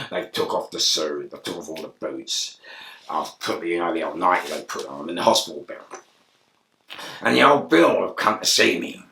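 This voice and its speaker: A man with a London accent telling an excitable, animated story, laughing and shouting as he goes. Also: low voice, gravelly, echoey room, distant mic, a little hiss or hum. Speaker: interview guest.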